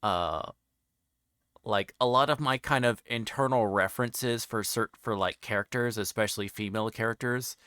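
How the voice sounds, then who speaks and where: A man hosts a relaxed livestream interview, wandering through long, meandering explanations. His voice sits a little low yet comes across bright and clean. It is recorded close up in a dry, dead room. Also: normal speed, clean tone, dry recording. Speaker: interview show host. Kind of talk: casual chat on a livestream.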